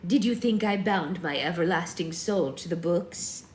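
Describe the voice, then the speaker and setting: A woman voicing an ancient female witch crone who speaks slowly, gravely and with command, read aloud in a room with echo. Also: lowish voice, darkish tone, a little hiss or hum, close to an everyday voice.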